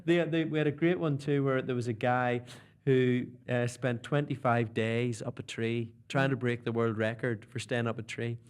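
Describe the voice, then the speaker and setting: A man's voice: mid-range voice, fairly even intonation, moderate pace, clean tone. A young man with a Northern Irish accent, a comedian guest telling stories in a radio interview. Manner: chatty storytelling, slipping into mimicked voices.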